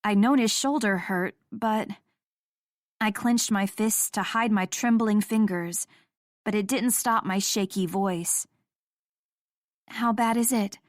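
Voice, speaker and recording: A woman narrating a first-person romance audiobook in a measured, emotional reading. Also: mid-range voice, no echo, studio quality.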